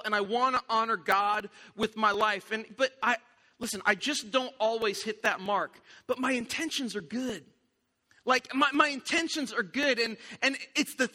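A middle-aged male pastor delivers a sermon, mixing teaching with a relaxed family story. His voice sits high and rings with a very bright edge. A long hall reverb trails behind him. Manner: conversational storytelling with vivid quoted voices.

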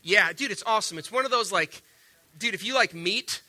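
A man preaching a casual sermon from the platform, his voice pitched high and ringing bright and sharp. He talks in an animated, conversational way, stumbling into restarts and repeating words as he builds his point. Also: brisk. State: sick. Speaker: pastor.

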